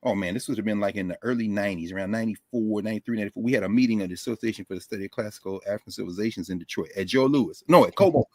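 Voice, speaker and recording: A man being interviewed as a guest scholar over a remote call, telling stories in an animated way and acting out the voices of people he quotes. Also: fairly low pitch, rapid-fire, hardly any pauses, no echo. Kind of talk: storytelling interview talk. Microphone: remote call microphone.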